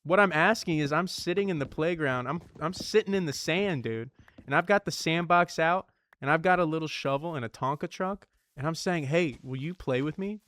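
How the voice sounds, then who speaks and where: Brief: male streamer, casual animated rambling chat over gameplay, slightly high pitch, dry sound. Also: moderate pace, no room sound. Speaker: streamer playing a survival game. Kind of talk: casual gaming commentary.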